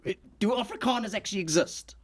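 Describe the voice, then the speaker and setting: A man's voice: sits high, fast talker. A man voicing a wisecracking South African puppet host. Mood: cheeky, curious. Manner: wisecracking, teasing, provocative. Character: cheeky male puppet podcast host. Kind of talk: comedic podcast chat.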